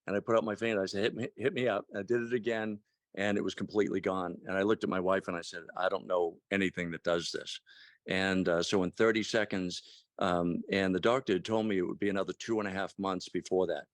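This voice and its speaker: A man in his sixties giving a casual testimonial on a call, halting with many fillers and restarts. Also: low voice, fairly even intonation, no echo, clean studio sound. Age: 60s.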